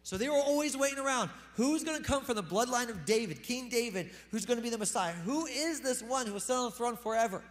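A man preaching a sermon as pastor, animated, swinging between loud emphatic lines and quick hushed asides. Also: very high voice, big-room sound.

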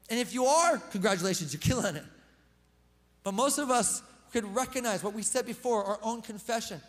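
A man's voice: sits high, normal speed, long pauses, a bit bright. A male pastor preaching a sermon in an impassioned, conversational way, acting out the quoted speech. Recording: long hall reverb.

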